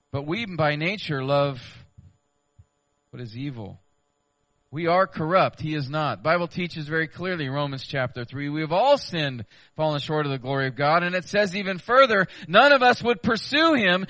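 A man's voice: a little high, bright, forceful tone, no echo. A man preaching a sermon, explaining a scripture passage earnestly and asking his listeners rhetorical questions. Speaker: pastor.

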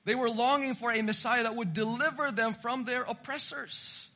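A man preaching an expository sermon, teaching in a measured way and building to emphatic repetition. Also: very high-pitched, fairly even intonation, sharp tone.

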